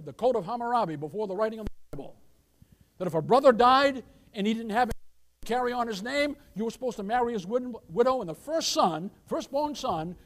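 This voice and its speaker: Male pastor, high voice, emphatic sermon delivery, keeps asking for amens. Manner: addresses listeners as "beloved", keeps asking for amens; emphatic preaching with scripture quotes.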